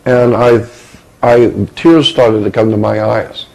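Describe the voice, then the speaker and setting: A man telling a personal story from his youth, halting and repeating words as he searches for them. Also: fairly low pitch, steady tone, vocal fry, poor audio.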